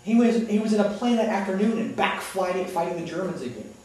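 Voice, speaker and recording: A man's voice: high voice, expressive, quick pace, a little mellow. A man voice actor telling stories in a casual interview chat, rambling with restarts. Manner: rambling storyteller with many restarts. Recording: echoey room, distant mic.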